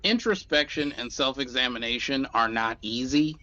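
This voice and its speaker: A man's voice: medium pitch, animated, normal speed, bright, forceful tone. Man, podcast guest, frank, explanatory, swears freely, dull lo-fi recording. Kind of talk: casual conversation. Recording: dull lo-fi sound.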